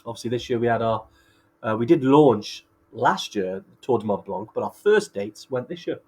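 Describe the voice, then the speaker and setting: A man's voice: medium pitch, lively intonation, moderate pace, a little mellow, breathy edge. A Welsh man co-hosting a casual live-stream chat, chatty and laughing often, with plenty of fillers. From Wales. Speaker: co-host.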